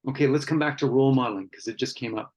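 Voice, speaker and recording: A man leads an online workshop at an ordinary middle pitch, reading out what participants have written and reflecting on it. His delivery is earnest and conversational, with frequent restarts. The sound is dull and lo-fi, like a video call. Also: racing, darkish tone. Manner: reads out participants' comments and reflects on them. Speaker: workshop facilitator.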